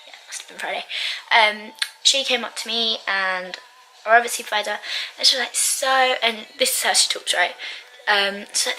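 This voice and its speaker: Bright chatty young woman vlogging. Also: a little high, steady tone, normal speed, slight background noise, rough recording. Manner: chatty, rambling, frequent ums and little laughs. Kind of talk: casual chat vlog. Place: bedroom.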